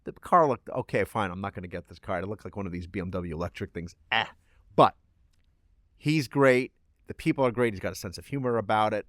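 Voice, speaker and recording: Animated man retelling ads on a podcast. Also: on the low side, brisk, no room sound, clean studio sound. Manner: animated storyteller, recounting ads with acted asides. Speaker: podcast co-host. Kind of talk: casual chat.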